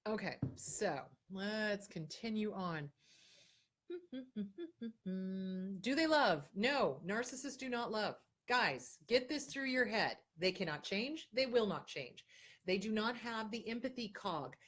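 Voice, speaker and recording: Woman host, casual advice chat, blunt, emphatic, repeats herself for effect, mid-range voice. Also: medium pitch. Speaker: host answering viewer questions.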